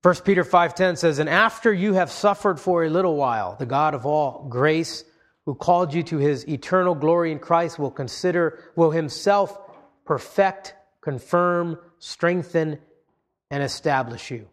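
Man, slightly high voice, earnest sermon delivery, measured pauses. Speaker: pastor.

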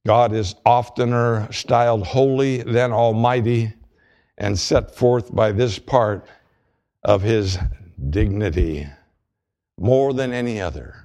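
A man preaching a sermon as pastor, reading scripture aloud in a measured way and slowing down on key words. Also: medium pitch, a little mellow. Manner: reads scripture and quotes aloud.

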